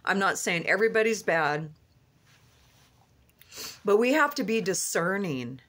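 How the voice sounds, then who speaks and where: A woman's voice: mid-range voice, expressive, measured pace, a bit bright. A woman vlogger sits in a car and delivers a fervent religious monologue. She talks earnestly and rambles, often restarting with "you know.". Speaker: Christian vlogger.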